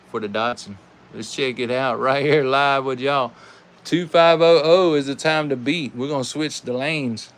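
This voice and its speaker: Folksy Southern man calling toy races. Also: medium pitch. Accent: Southern American. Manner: folksy, animated, chatty with viewers. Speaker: live stream host of toy car races. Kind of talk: live race commentary.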